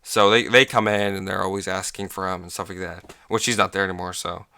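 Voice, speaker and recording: A man's voice: low-pitched, level tone, fairly quick, bright, forceful tone, clear, resonant tone. A young man hosting a casual podcast, telling a story in a rambling, profane way with many restarts and laughs. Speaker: podcast host.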